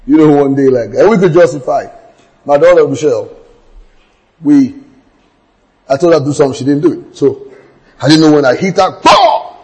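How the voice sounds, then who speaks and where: A middle-aged man preaching a sermon, telling stories with humour and swinging between quiet asides and loud exclamations. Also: fairly high pitch, big pitch swings, moderate pace, pauses often, rough recording.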